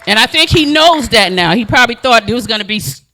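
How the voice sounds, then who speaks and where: Woman community advocate, super bright sharp voice, fired-up blunt storytelling at a meeting. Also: a little high, fast talker, a faint crowd. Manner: animated storytelling, emphatic and blunt. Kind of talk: impassioned speech at a community meeting.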